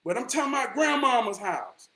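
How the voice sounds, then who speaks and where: A man giving motivational straight talk in slang, emphatic and preachy, repeating lines and swinging from shouts to hushed tones. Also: very high voice, very animated, brisk. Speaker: motivational vlogger.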